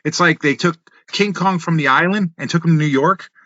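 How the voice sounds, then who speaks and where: Fifties man, animated storyteller with a tense, bright voice in a dry booth. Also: a little high, brisk, no room sound. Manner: animated storyteller, acts out voices, laughs, swears. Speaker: podcast guest, wrestler and musician. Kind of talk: casual storytelling. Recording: dull, slightly lo-fi, dry.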